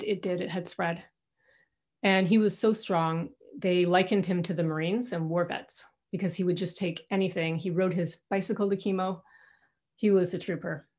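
Speaking from home over a video call, a middle-aged guest speaker talks candidly to an alumni audience. Her slightly mellow voice sits on the low side, and she often breaks off and restarts mid-sentence in a conversational way.

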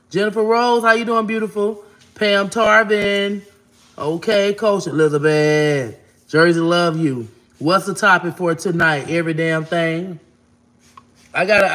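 A woman hosting a casual livestream, talking fast and giving shout-outs to viewers as she reads their comments. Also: fairly low pitch.

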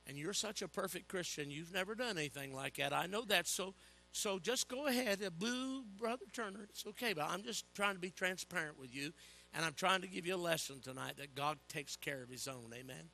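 An older man preaching a sermon, telling animated personal stories with humor and calling for "Amen?" from the congregation. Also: sits high, a little fast, gravelly, soft background music.

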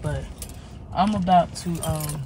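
A woman's voice: low voice, slow. A young woman, chatting casually and rambling to her phone camera in a vlog. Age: 20s. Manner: chatty, rambling, uses dialect slang. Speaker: vlogger. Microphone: phone camera held close. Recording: phone recording with clear background noise.

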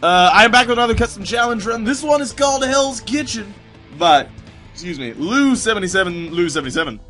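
A man's voice: high voice, expressive, fairly quick, a bit bright, soft background music. A man narrating his video game run, rambling and chatty as he plays, full of fillers and restarts. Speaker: gaming YouTuber. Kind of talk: let's play commentary.

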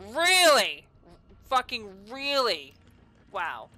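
A young woman hosting a gaming channel, giving raging gameplay commentary, swearing and yelling in frustration. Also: a little high, big pitch swings, normal speed.

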